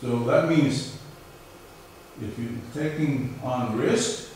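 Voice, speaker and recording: A man's voice: mid-range voice, slow pace, a little mellow, slight background noise. Male professor, lecture delivery, rhetorical questions, heavy room echo, distant mic. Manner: repeats himself, asks rhetorical questions. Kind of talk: classroom lecture. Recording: echoey lecture hall, far from the mic.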